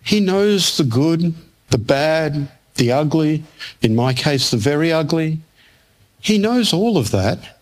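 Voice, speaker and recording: A man's voice: on the high side, expressive, takes it slowly. A man preaching a sermon to a room, telling a personal story and acting out the other people's lines. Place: church hall with audience.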